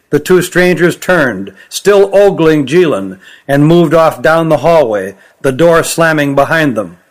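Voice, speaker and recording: A man narrating his own novel as an audiobook, in a steady, measured reading. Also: on the high side.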